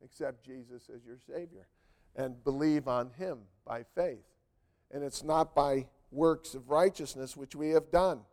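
A man's voice: a little high, unhurried, darkish tone. A man preaching a sermon, telling stories emphatically and with animation.

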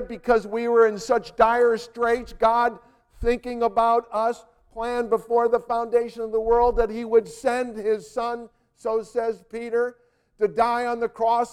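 A man's voice: extremely high pitch, completely flat delivery, unhurried, smooth. A man preaching a sermon, telling stories emphatically and with animation.

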